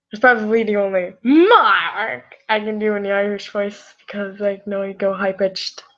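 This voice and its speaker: A woman's voice: medium pitch, level tone, measured pace, pauses often. Tired, giggly young woman, muffled. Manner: giggly, rambling, apologetic asides. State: tired with a scratchy throat. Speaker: streamer reading fan fiction. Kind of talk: casual live-stream reading. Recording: muffled lo-fi audio.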